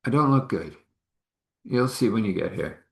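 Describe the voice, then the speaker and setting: A man telling an improvised story in a rambling, halting way, acting out the dialogue in shifting voices. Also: fairly low pitch, expressive, gravelly, reverberant.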